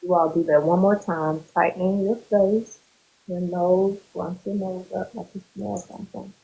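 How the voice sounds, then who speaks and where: A woman therapist leading a group through a guided muscle relaxation exercise, giving slow, calm instructions with pauses. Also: lowish voice, vocal fry, slight background noise, rough recording.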